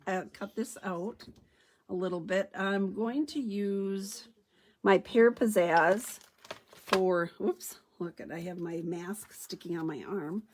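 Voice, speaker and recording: A woman's voice: medium pitch, slow pace, slight background noise. A woman giving a chatty card-stamping tutorial, thinking aloud as she works. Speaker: stamping demonstrator. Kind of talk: craft tutorial demo.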